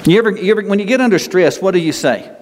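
A man's voice: sits high, animated, very fast, long reverb tail. A man pastor preaching a sermon in an earnest, conversational way, often repeating and restarting his words.

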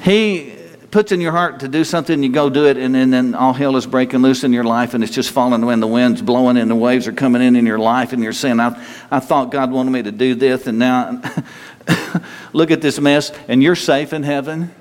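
A man preaching a sermon to a congregation, telling stories in an animated way and moving between loud bursts and quieter stretches. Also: mid-range voice, normal speed. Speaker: pastor. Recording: long hall reverb.

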